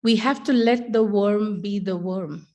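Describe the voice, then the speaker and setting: A middle-aged woman giving a keynote talk, a teacher telling a story with wry humor and dramatic pauses. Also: medium pitch, dark tone.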